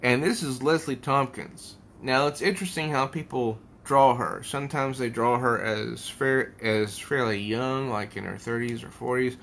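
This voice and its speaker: A man's voice: mid-range voice, steady tone, normal speed, vocal fry, few pauses, fairly bright tone, slight background noise. A man giving a casual comic book review at home, rambling and thinking aloud as he pages through an issue.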